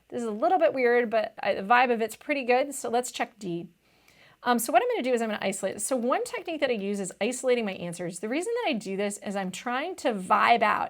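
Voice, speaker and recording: A young woman tutor explaining test questions in a chatty, casual way, often saying "vibe" and "like". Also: fairly high pitch.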